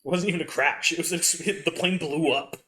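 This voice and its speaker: A man's voice: fairly high pitch, normal speed, sharp tone, slight background noise. A man co-hosting a podcast, talking casually and sarcastically with lots of fillers. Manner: rambling, many fillers, sarcastic. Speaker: podcast co-host. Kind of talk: casual chat.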